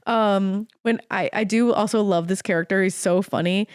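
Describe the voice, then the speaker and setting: Animated woman recapping a show. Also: medium pitch, normal speed, clean tone, dry recording, studio quality. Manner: animated, acts out characters' lines while retelling. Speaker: podcast co-host. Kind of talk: casual chat recapping a TV show.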